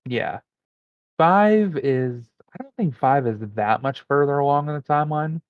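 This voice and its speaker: A man's voice: fairly high pitch, unhurried, clean tone, dry recording, phone-quality sound. A man co-hosting a podcast, talking casually and rambling as he looks things up mid-conversation. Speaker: podcast co-host. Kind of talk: casual chat.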